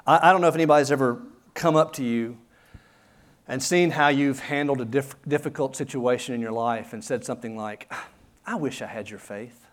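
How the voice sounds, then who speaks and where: A man delivering a sermon in an earnest, conversational way, speaking straight to the congregation and leaning on rhetorical questions. His voice sits at an ordinary middle pitch for a man. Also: a little fast. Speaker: pastor.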